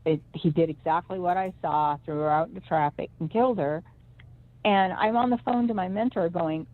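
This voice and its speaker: A woman's voice: mid-range voice, normal speed. A middle-aged woman, a psychic reader, telling a personal story in a rambling, emphatic way with many restarts. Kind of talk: personal storytelling on a call-in show. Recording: tinny phone line.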